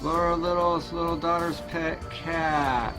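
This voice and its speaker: A man voicing a kindly flying superhero who speaks in a gentle, coaxing, earnest way. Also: fairly high pitch, steady tone, measured pace, pitched below the performer's own voice, poor audio. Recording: loud music behind.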